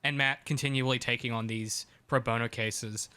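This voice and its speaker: A man's voice: medium pitch, steady tone, normal speed, pushed and bright, clear, resonant tone. A man co-hosting a podcast in casual chat, chatty and profane with frequent ums. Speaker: podcast co-host.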